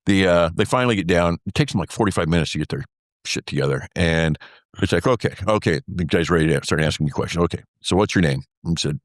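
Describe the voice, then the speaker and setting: A man's voice: rumbling low, no echo, studio quality. A man, an interview guest and former pilot, telling a story in a rambling, wry way full of fillers.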